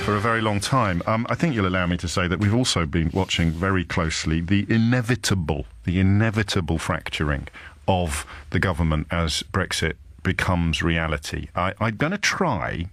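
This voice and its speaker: Deep-voiced sardonic radio host, dry studio. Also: male voice, lively intonation, fairly bright tone, no room sound, faint music behind. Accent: Kidderminster. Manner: emphatic, sardonic, deliberate pauses. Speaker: radio talk show host. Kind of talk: live radio monologue. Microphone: studio microphone.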